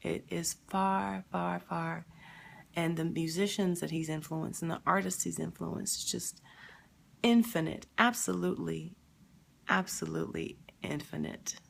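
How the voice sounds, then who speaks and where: Gravelly-voiced grieving woman on a live stream. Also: lowish voice, fairly even intonation, a little hiss or hum. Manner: emotional, halting, reads viewer comments aloud. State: sad, near tears.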